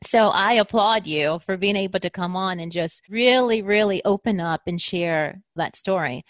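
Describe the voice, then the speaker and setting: A woman hosts a podcast, speaking in an effusive, encouraging way as she asks her guest follow-up questions. Her voice sits at a middle pitch, and it is recorded close and dry. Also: moderate pace, no room sound. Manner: warm-hearted and effusive, asks follow-ups. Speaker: podcast host. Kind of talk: podcast interview.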